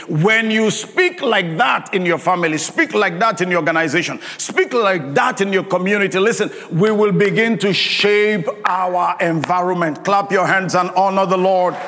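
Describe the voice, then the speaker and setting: A man's voice: high-pitched, fairly bright tone. A man preaching a sermon with emphatic, call-and-response delivery, drawing out key words. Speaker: pastor. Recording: long hall reverb.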